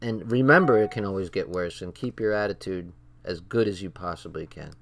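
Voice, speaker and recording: With a low, creaky, fairly bright voice, a channel host reads a text at a fairly quick clip and reacts to it. His commentary is blunt, profane and casual, drawn straight from personal stories.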